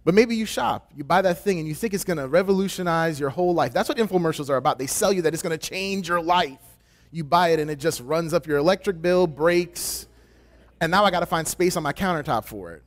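Preaching at a brisk pace, this pastoral intern keeps his sermon conversational and full of jokes. He voices the people he quotes, swinging widely in pitch.

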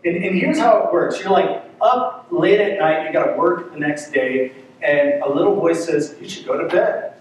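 A man's voice: a little high, moderate pace, slight background noise. A male pastor giving an earnest, conversational sermon, often repeating words as he goes. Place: church sanctuary. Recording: echoey church sanctuary, mic at a distance.

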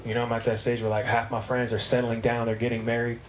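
A man in his thirties doing a brash, profane stand-up set on a comedy club stage, slipping into quick character voices. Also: mid-range voice, completely flat delivery. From Maryland, US. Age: 30s. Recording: live club recording with audience noise. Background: audience laughter.

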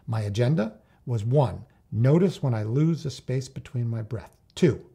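An excitable teenage boy with a short fuse, put on by a man telling the story, blurting his words in a husky, gravelly voice. The pitch sits a bit higher than the storyteller's own voice. He sputters and pushes his points hard. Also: measured pace, full character voice. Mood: earnest. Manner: blurting, emphatic, sputters when upset. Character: hot-tempered excitable teenage boy tennis player. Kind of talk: acted quotes in a told story.

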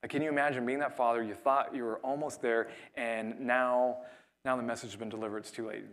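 A man pastor, preaching a sermon in a conversational way and dropping to a hush for quoted words. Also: medium pitch, steady tone, fairly quick. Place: church.

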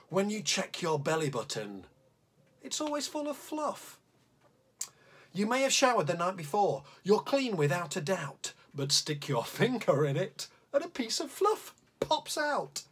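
A man's voice: a little slow, slightly rough. A man hosting a children's drawing show, reading a comic poem aloud in a playful voice, then chatting as he sets up to draw. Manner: lively and playful, swooping pitch.

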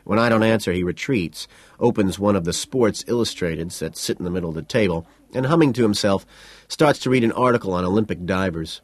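A man reading a novel aloud as an audiobook, in an even, understated first-person narration. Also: on the low side, fairly quick, dry recording. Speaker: audiobook reader.

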